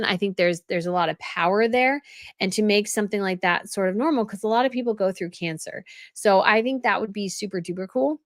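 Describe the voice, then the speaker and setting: A woman with a medium-pitched voice hosts a royal news live stream, reading viewer comments aloud and chatting casually. She frequently restarts and repeats phrases, captured in clean studio sound with no room sound.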